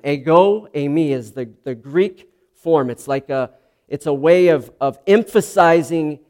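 A man's voice: a little high, lively intonation, a little mellow. A man preaching a sermon, earnest and explanatory, often restarting his sentences. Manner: slow, earnest, with frequent restarts and ums.

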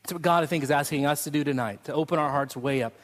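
A man's voice: fairly high pitch, fast. A man preaching a Christmas Eve sermon as pastor, telling stories and leading prayer. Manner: storytelling with sung snippets, ending in prayer. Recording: long hall reverb.

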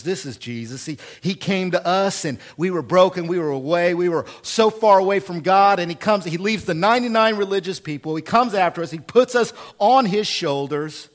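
Emphatic preacher with a higher voice. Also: male voice, animated, normal speed, few pauses. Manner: emphatic, repeats key phrases, swings from quiet to loud. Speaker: pastor. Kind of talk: sermon. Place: church.

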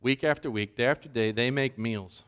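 A man pastor preaching a sermon, animated and acting out the voices he quotes. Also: medium pitch, normal speed, clear, resonant tone.

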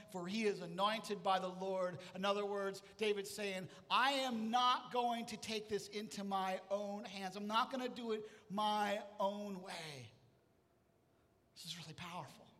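A man preaching a sermon, telling a story with lively acted-out voices. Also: high-pitched, unhurried. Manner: animated storytelling, acting out voices. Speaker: pastor. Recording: hall reverb.

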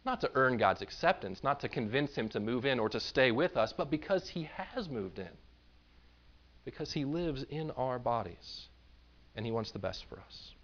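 A man's voice: medium pitch, lively intonation, normal speed, fairly bright tone, highs cut off. A man preaching a sermon in a conversational way, now and then acting out the voices of the people he describes. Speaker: pastor.

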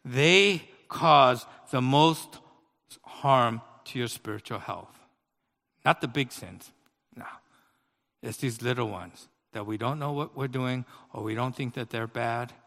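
A man preaching a sermon, telling a personal story with big swings between loud outbursts and quiet asides. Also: mid-range voice, slow pace, big-room sound.

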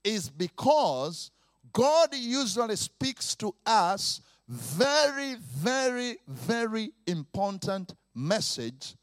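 Animated high-voiced male preacher. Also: dry recording, studio quality. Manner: animated, mimics sounds, laughs often, drawn-out repetitions. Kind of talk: lively sermon.

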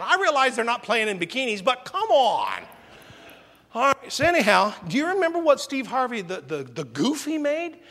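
A male preacher delivering a sermon in a church, his voice pitched high and rising and falling with great liveliness. He tells stories with dramatic swings, from loud exclamations down to slow, hushed emphasis. The sound carries a long reverb from the hall.

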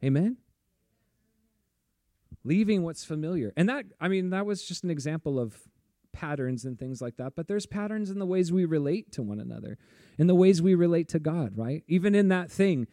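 A man's voice: fairly high pitch, mellow, dry recording, studio quality. A man preaching a sermon in a casual, chatty way, laughing often and saying "like" a lot. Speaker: pastor.

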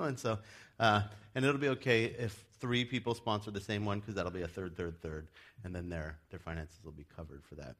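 A man's voice: fairly even intonation, quick pace. A man who is a pastor, preaching a casual, joking sermon in a church and acting out the people he quotes. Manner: chatty and joking, acts out quoted people in loud high voices.

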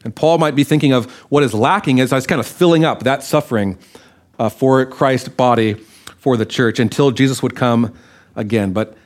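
A male preacher delivers sermon-style Bible teaching in an ordinary middle-pitched voice at a moderate pace. He keeps a conversational tone and frequently poses questions to his listeners.

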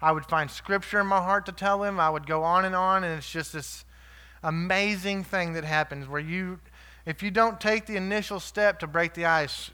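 A man delivering a sermon in a high, bright voice. He is earnest but conversational, and he checks in with his listeners through quick rhetorical asides. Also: fairly even intonation, smooth. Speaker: lay preacher.

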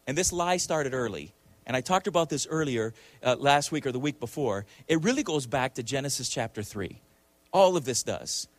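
A man's voice: medium pitch, lively intonation, normal speed, dry recording. A male preacher delivering a sermon emphatically, with frequent rhetorical questions and repeated words.

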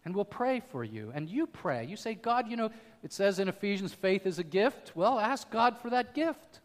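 A man preaching a sermon as pastor, emphatic, swinging from loud declarations to quiet asides. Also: high-pitched, sing-song, moderate pace, in a large hall.

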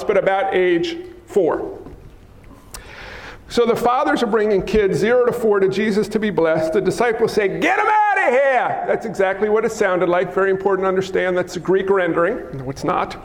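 A male pastor preaching a lively, teasing sermon, acting out scenes in a church sanctuary. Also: sits high, moderate pace. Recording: echoey hall with long reverb.

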